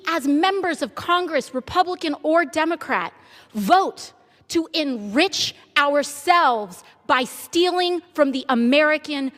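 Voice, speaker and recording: Impassioned high-voiced congresswoman in a chamber. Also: fairly bright tone, in a large hall. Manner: impassioned, indignant. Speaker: member of Congress. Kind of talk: floor speech.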